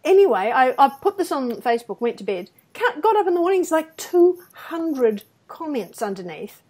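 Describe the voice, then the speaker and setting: A woman's voice: sits high, normal speed. Chatty woman telling stories. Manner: animated anecdotes with acted-out quotes and self-deprecating laughs. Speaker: podcast co-host. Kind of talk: casual conversation, storytelling.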